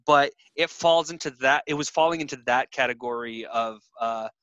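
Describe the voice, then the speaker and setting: A man's voice: mid-range voice, normal speed, no room sound, highs cut off. A man co-hosting a podcast, telling stories in crude casual banter, swearing and laughing often. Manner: laughs often, swears freely, animated storytelling. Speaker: podcast co-host.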